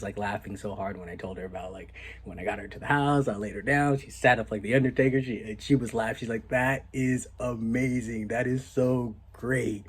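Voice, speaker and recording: A young man casually telling a story on his vlog, animated and laid-back, with a lot of "like" and some swearing. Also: on the low side, slight background noise. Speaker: vlogger.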